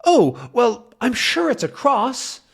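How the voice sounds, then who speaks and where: A man's voice: very high-pitched, very animated, slow pace, slightly rough, voice pushed up, full character voice. A man voicing a hard-of-hearing, muddled old male professor who mishears everything. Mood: mild.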